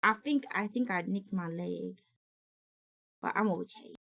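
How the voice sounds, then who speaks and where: A woman's voice: medium pitch, unhurried, gravelly, a bit bright. A woman streamer in casual live-stream chat, rambling and greeting her viewers by name. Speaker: VTuber streamer.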